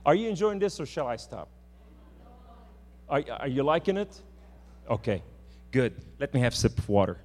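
A man preaching a sermon in church, impassioned, swinging between loud outbursts and hushed words. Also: a little high, very animated, moderate pace. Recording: hum in a reverberant hall.

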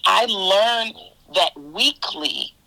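Bright-voiced woman sharing a faith testimony. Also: mid-range voice, drawn-out words, gravelly, poor audio. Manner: animated storyteller, retells her own words in quotes. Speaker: guest minister.

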